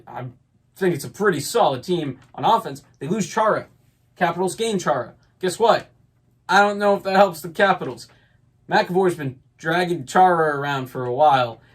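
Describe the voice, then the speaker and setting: Guy rambling thru his hockey picks, lots of ums, upbeat, normal mid voice. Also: medium pitch. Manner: rambling, filler-heavy, upbeat opinions. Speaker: podcast host. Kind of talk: casual sports talk.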